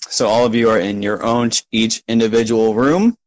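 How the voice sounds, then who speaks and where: Low-voiced man narrating a tabletop game. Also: normal speed, dry recording, poor audio. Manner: relaxed, filler-heavy narration. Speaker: game master.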